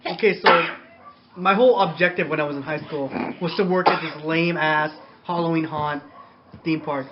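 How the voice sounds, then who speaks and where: A young man hosting a podcast, telling a story in a casual, profane, animated way. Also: fairly high pitch, moderate pace. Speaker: podcast host. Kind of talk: casual chat. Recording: slightly muffled podcast audio with faint noise.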